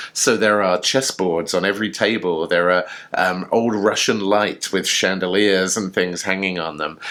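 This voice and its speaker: A man with a very low voice chats casually as a show co-host. He tells his story with eager enthusiasm and plenty of fillers. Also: a bit bright. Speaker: podcast co-host. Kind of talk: casual chat.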